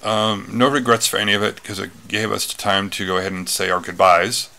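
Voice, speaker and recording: A man talks through a personal story, circling back with fillers and restarts. His voice sits fairly low but has a bright, forward edge and a gravelly texture. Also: flat delivery, a little fast. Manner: rambling, many fillers and restarts. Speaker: retreat speaker.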